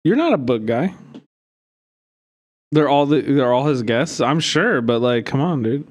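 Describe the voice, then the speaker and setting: A man's voice: mid-range voice, a little slow. A man streaming live, reacting to clips with mocking, profanity-laced commentary and frequent laughter. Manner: animated, cursing, mocking, laughs often. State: hiccups.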